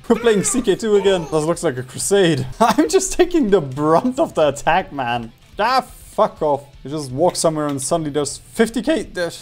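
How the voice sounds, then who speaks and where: A man's voice: fairly high pitch, a little mellow. A man giving casual gameplay commentary while streaming a strategy game, joking and mocking himself as he reacts to events on screen.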